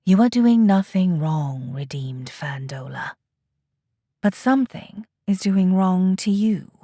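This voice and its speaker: Cryptic alien elder, female, hushed and solemn, read by a woman narrator. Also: on the low side, lively intonation, slow, no echo, studio quality, exaggerated voice. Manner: hushed, half-whispered, solemn.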